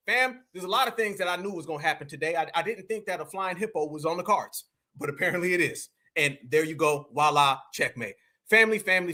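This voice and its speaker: A man hosting a live reaction show, talking in a loud, mocking, animated way and often shouting. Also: sits high. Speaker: online show host.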